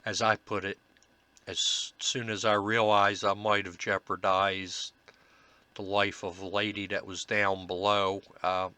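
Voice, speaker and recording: A slow-talking man with a lowish voice and a sharp, bright edge to it. He explains his paranormal investigation recordings in an earnest, reflective way, pausing often on fillers as he gathers his thoughts. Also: flat delivery, smooth, no room sound. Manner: halting, many filler pauses. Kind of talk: narrated commentary over recordings.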